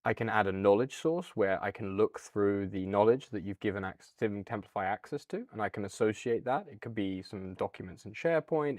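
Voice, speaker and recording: A man with a British accent hosting a casual, upbeat software walkthrough, chatty with a few fillers. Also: on the low side, dry recording, clean studio sound. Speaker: product demo host.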